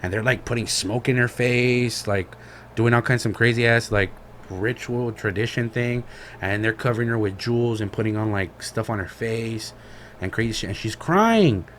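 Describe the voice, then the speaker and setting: A man's voice: medium pitch, moderate pace, a little hiss or hum. A man co-hosting a podcast, retelling a story in casual chat with slang and swearing. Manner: slangy, profane, animated retelling. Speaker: podcast co-host.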